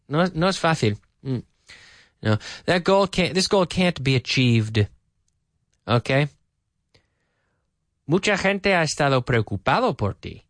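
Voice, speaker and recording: A man teaching an English lesson, repeating phrases slowly and then explaining them. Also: medium pitch, very animated, fairly bright tone, no room sound, studio quality.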